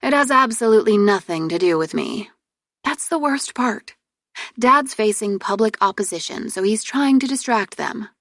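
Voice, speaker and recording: A woman reader voicing a proud, exasperated young princess heir in an audiobook, with sharp, indignant retorts. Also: on the high side, lively intonation, normal speed, no room sound, studio quality, voice pushed up. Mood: earnest.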